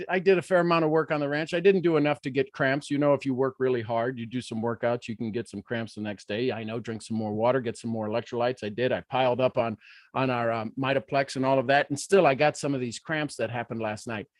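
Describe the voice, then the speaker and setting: A man from Ohio giving a motivational talk in an animated, folksy way with playful asides. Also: mid-range voice, fast talker, no room sound, studio quality. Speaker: motivational speaker.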